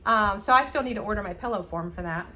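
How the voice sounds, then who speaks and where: A woman co-hosting a casual stitching chat, telling stories with lively acted-out quotes. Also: medium pitch, fast, slight background noise. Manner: animated storyteller, acts out quotes. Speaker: flosstube co-host.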